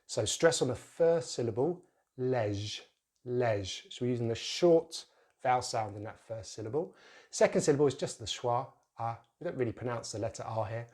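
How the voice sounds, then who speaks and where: A man's voice: mid-range voice, lively intonation, a little mellow. British male pronunciation teacher, careful exaggerated drills. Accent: British English. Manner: slow, exaggerated word drills. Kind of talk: pronunciation lesson.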